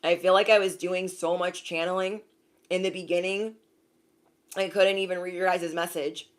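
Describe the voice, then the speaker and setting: A young woman chatting casually on a livestream as an intuitive reader, animated and laughing often, thanking viewers by name. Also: fairly low pitch, normal speed.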